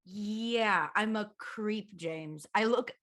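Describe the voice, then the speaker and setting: A woman guest telling a story in casual comedic chat, animated, self-mocking and swearing freely. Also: medium pitch, slow. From Canada. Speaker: podcast guest.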